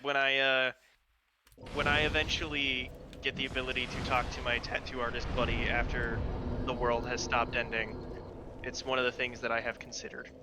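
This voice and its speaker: A man's voice: mid-range voice, flat delivery, normal speed, background noise. A man on a game stream explaining game lore and joking about himself as a nerd. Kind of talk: casual banter on a live stream.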